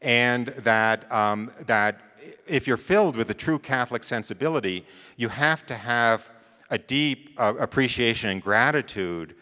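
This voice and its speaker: A medium-pitched male voice with a sharp tone moves at a measured pace, trailed by long reverb. He gives a talk built around a personal story, chatting casually and often checking in with "right?" and "you know".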